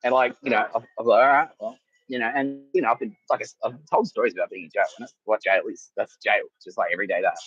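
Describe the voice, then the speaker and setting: A man's voice: lowish voice, steady tone, rapid-fire, few pauses, husky, no room sound. Male podcast host, laughs and swears through a rambling story, dry and slightly dull close recording. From Australia. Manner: rambling, laughing, swearing, acting out quotes loudly. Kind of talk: casual comedic storytelling.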